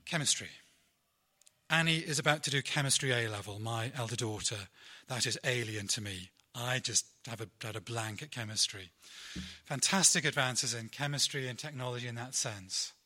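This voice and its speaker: A middle-aged Englishman delivering a sermon with a very bright, forceful tone. He keeps it conversational and self-deprecating and talks straight to his congregation. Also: mid-range voice, moderate pace. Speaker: preacher.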